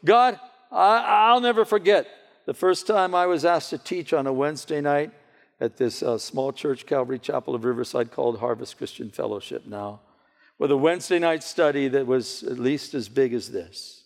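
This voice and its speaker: Male pastor, higher voice, preaching with energy in a reverberant church hall, lots of repeated words. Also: moderate pace. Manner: animated storytelling with many repeated words. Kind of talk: sermon.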